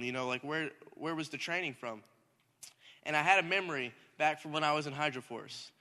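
A young man, a minister, telling a story in a lively sermon and rising to shouts at times. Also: fairly high pitch, fairly quick. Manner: animated, talks in circles, rising to shouts. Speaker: youth minister. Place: church hall. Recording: hall reverb.

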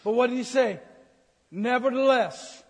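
A man's voice: very high voice, unhurried, breathy edge. A man preaching a humorous sermon, teasing the congregation and acting out grumbling complaints. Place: church sanctuary. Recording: reverberant church hall.

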